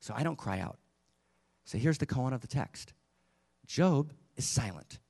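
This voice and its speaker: Man, spiritual teacher, impassioned, rhetorical questions, gravelly voice, live room audience. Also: medium pitch, animated, unhurried, darkish tone.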